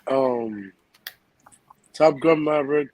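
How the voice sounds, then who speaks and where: A man's voice: medium pitch, slow pace, darkish tone, no echo. A man on a casual panel chat, blunt and restarting his sentences.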